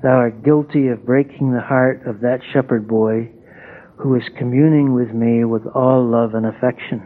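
A man reading aloud the words of God, measured and solemnly reproving. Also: mid-range voice, fairly even intonation, close to an everyday voice. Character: stern yet loving male God. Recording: tinny phone-like sound.

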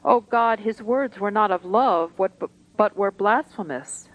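A woman's voice: medium pitch, measured pace, muffled recording, lightly acted. A woman voicing a stern male prophet who rebukes in formal, old-fashioned speech while reading a spiritual story aloud. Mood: protesting.

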